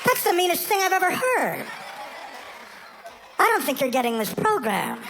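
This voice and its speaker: A man's voice: extremely high pitch, huge pitch swings, normal speed, creaky, a crowd in the background, pitched above the performer's own voice, full character voice. A comedian voicing a relentlessly cheerful older Southern male rehab counselor who repeats himself, in a noisy live stand-up recording. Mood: shocked. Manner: relentlessly chipper, repetitive.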